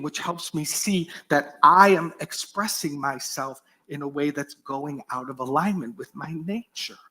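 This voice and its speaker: A middle-aged male pastor giving an earnest sermon, shifting often from strong emphasis down to soft, almost whispered phrases. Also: on the high side, measured pace, hardly any pauses. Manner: earnest, varied dynamics, drops to soft near-whispers.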